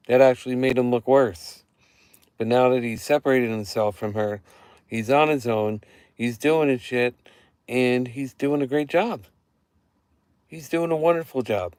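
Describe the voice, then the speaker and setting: A man giving an excited, profane recap on a casual live stream, repeating himself as he talks into a handheld phone. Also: medium pitch, no echo. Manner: excited, profane fan rambling with repeated phrases. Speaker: wrestling show reviewer. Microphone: phone held in hand.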